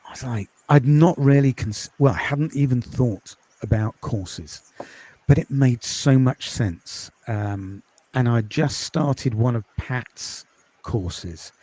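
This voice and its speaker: A man from the UK, a podcast host and course creator, chatting in a quiet, calming voice with many ums in a casual interview over a video call. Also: mid-range voice, slow pace. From United Kingdom.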